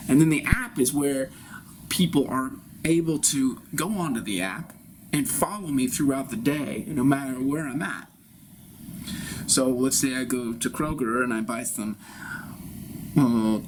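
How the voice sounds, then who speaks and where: A grown man performing an improvised theatrical monologue in character, rambling and swinging between loud bursts and soft whispers. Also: mid-range voice, unhurried, background noise. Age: adult.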